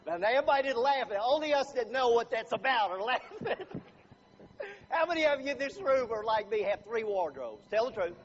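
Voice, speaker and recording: A man's voice: extremely high pitch, animated, fairly quick. A man giving a humorous talk as a motivational speaker, chatty and quizzing the room with show-of-hands questions. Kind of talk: humorous live talk to an audience. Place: room with a live audience. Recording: dull lo-fi recording with faint noise.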